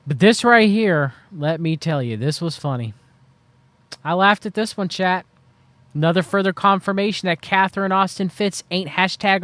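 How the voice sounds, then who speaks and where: Host: man with a high voice, wry rambling commentary to a stream chat, dry close sound. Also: normal speed, fairly bright tone, no echo. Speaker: livestream host.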